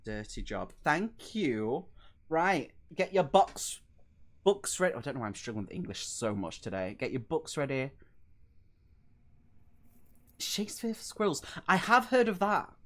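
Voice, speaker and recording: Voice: medium pitch, big pitch swings, measured pace, long pauses, a bit bright. A read-along livestream host chatting casually between reading sessions, giggly and rambling and often self-mocking.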